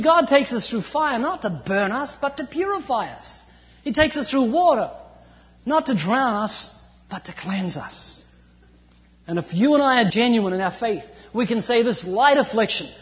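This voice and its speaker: Male preacher, faint New Zealand accent, dramatic loud-soft delivery, muffled lo-fi recording. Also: high-pitched, normal speed. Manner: animated preaching, swinging from loud emphasis to hushed asides. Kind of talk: sermon. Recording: dull sound with long hall reverb.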